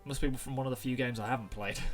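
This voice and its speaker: A young man reading a visual novel aloud with commentary, jokey and quick to laugh at himself. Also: medium pitch, steady tone, faint music behind. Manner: jokey, laughs at his own jokes. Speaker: gaming video creator.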